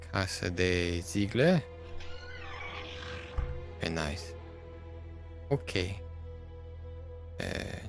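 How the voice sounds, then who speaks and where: A man's voice: deep voice, gravelly, heavily acted. A man voicing a formal, hesitant young German intellectual in his late twenties, with a put-on German accent. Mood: weary.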